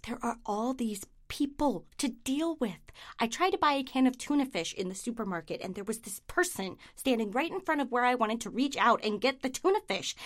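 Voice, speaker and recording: A neurotic, easily overwhelmed woman, as a performer plays her rambles through a comic monologue. She sounds anxious and full of self-pity. The voice sits slightly high. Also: natural voice.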